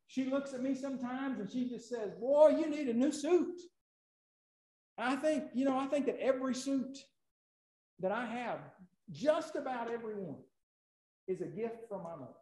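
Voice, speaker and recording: A man preaching a sermon. He tells folksy stories, repeats key points for emphasis and builds to loud, emphatic lists. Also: very high voice, moderate pace, roomy sound, rough recording. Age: 40s. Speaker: pastor.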